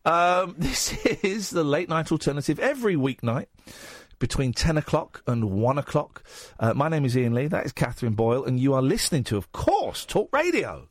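A man hosting a late-night radio phone-in, blunt and jokey, swinging from loud rants to quiet asides. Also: medium pitch, very animated, normal speed, no echo, clean studio sound. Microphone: studio microphone.

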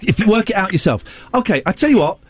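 A man's voice: sits high, fast talker, husky, dry recording. A man hosting a morning radio show, teasing his co-hosts in playful banter. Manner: teasing, lively, breaks into sung snippets.

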